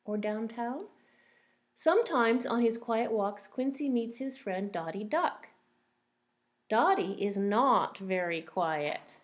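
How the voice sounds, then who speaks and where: Slow, gentle woman teacher reading aloud. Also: fairly high pitch, lively intonation. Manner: gentle, questions to the children. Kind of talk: reading a picture book to young children.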